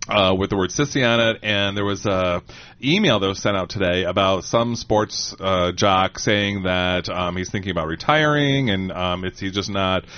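A man co-hosting a casual chat, telling a story in a rambling way with many fillers and laughs. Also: deep voice. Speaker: co-host. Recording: slightly muffled lo-fi audio.

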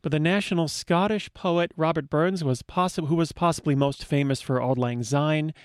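A man's voice: a little high, normal speed, dry recording, clean studio sound. A man hosting a radio show, with a playful, wry delivery. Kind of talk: scripted radio talk.

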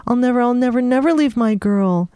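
A woman's voice: high-pitched, steady tone, measured pace, mellow, no room sound, pitched above the performer's own voice. A woman voicing an eager, childlike middle-aged man who stutters and repeats his words during a book reading. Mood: pleading.

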